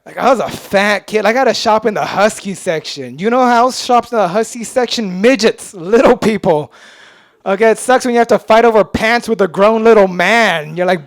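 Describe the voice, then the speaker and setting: High-voiced self-mocking stand-up comic. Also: male voice, moderate pace, no room sound, studio quality. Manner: self-mocking, jumps into loud voices for characters. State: sweating. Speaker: stand-up comedian. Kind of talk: stand-up comedy set.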